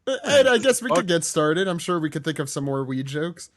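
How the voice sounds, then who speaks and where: A man's voice: fairly high pitch, moderate pace, dry recording. A man co-hosting a podcast, joking and laughing in casual chat. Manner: lively, joking, laughs often. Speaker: podcast co-host.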